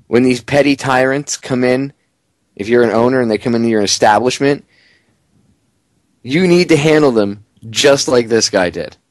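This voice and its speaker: A man hosting a talk radio show, giving excitable, indignant commentary and reading a story aloud with chuckles. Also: mid-range voice, moderate pace, no echo.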